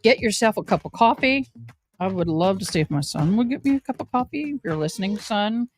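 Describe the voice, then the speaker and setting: A woman's voice: mid-range voice, animated, fairly quick. A middle-aged woman, chatting casually and personally to her livestream viewers. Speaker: livestream host.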